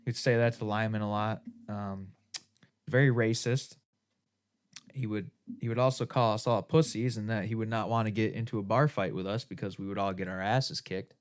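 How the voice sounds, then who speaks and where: A man's voice: fairly low pitch, fairly even intonation, a little fast, darkish tone, smooth. A man hosting a podcast, telling a rambling, profanity-laced story in casual chat. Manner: rambling, profane, laughing often. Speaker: podcast host.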